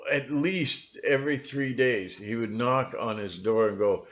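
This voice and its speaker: A man talking in a rambling solo monologue, halting often with fillers and restarts. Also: medium pitch, a bit bright. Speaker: channel host. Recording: dull lo-fi recording.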